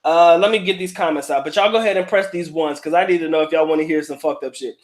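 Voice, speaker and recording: Male host, middle-aged, somewhat high voice; casual, crude, slangy livestream chatter reading out comments. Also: fast talker. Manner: profane, blunt, laughing, street slang.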